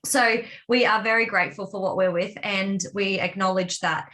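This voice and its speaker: Bright, open woman confiding. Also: medium pitch, steady tone, moderate pace. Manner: open, confessional, rambling with frequent fillers. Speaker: vlog co-host. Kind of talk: candid personal storytelling.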